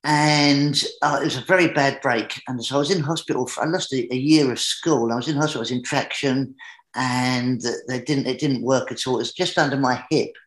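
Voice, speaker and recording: An English man, a guest entertainer, telling a comic anecdote in a lively manner that builds as the story climbs. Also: medium pitch, brisk. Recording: roomy echoey room.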